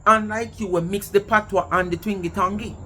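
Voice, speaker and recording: Man, high voice, mocking patois vlog rant. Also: fairly even intonation, brisk, sharp tone, slight background noise. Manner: mocking, mixes patois with English. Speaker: commentary vlogger. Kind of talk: casual commentary rant.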